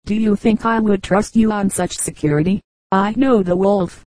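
A woman's voice: medium pitch, normal speed, a little mellow, no room sound, lightly acted, rough recording. A woman reading the part of a sensible female sheep, indignant and scolding, in a storybook fable.

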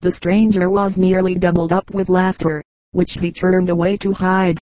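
A woman reading a children's story aloud as an audiobook narrator, in an even, measured way. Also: on the low side, no room sound, rough recording. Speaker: audiobook reader. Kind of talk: scripted narration.

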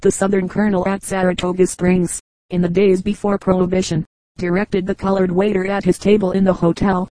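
A woman reads short comic anecdotes in a low, mellow voice that stays quite flat in pitch. Her delivery is steady and even, and the recording is dry and close, with no room sound. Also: normal speed, dry recording, low-quality recording. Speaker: audiobook reader. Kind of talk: scripted narration of short jokes.

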